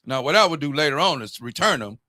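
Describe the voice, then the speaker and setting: A man's voice: on the high side, lively intonation, fast, bright, forceful tone, no room sound, clean studio sound. A man in his fifties telling candid stories in casual talk as a show host. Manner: storytelling, candid and profane. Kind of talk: casual chat.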